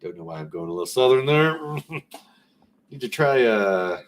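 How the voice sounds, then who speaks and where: A man reading a classic story aloud in a relaxed way, breaking off now and then for rambling, conversational asides. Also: medium pitch, a little slow, slight background noise. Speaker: story reader.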